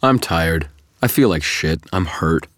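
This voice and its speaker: Audiobook: weary sarcastic wizard, gruff, very low voice, as a man reads him. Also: lively intonation, a little slow, a bit bright, no room sound, clean studio sound. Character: tired, sardonic male wizard hero. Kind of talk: audiobook character reading.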